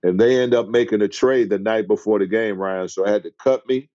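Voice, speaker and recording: Middle-aged new guy telling wild stories, low and dark, dry dull sound. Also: brisk, dry recording. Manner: excited storyteller who acts out quotes in a high voice. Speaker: guest, former basketball player. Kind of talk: animated storytelling in a podcast interview.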